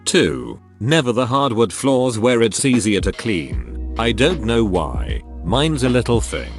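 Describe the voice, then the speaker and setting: A man narrating forum posts aloud in an even, mechanical read-through, spelling out letters as written. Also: mid-range voice, unhurried, soft background music. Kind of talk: scripted narration.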